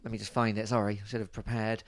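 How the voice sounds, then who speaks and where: A man's voice: on the low side, little pitch movement, quick pace, dry recording, studio quality. A man co-hosting a podcast in casual, jokey, playful banter. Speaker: podcast co-host. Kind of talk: casual chat.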